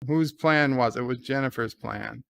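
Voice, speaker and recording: A man's voice: medium pitch, normal speed, gravelly, a bit bright. A man hosting a live watch-along, casually retelling scenes in loose paraphrase and answering viewer chat. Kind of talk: casual live episode commentary.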